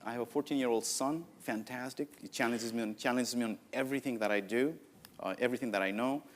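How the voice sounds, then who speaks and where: A man in his forties with a Nepali accent speaks at a conference. He tells stories in a lively way and fills gaps with "uh" and "you know." His voice sits at an ordinary middle pitch for a man. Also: fast talker. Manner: anecdotal, lively, many "uh, you know" fillers. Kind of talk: conference keynote talk.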